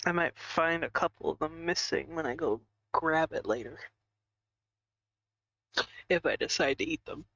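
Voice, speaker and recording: A man's voice: fairly high pitch, measured pace, vocal fry, pauses often, sharp tone, dry recording, highs cut off. A man chatting casually on a live stream, rambling and giggling as he snacks. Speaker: streamer co-host.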